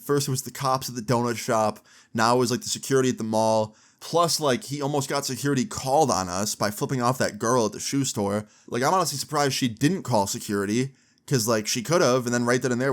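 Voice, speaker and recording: A young man telling a long story to camera in a casual, swearing, filler-heavy way. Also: mid-range voice. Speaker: storytime vlogger.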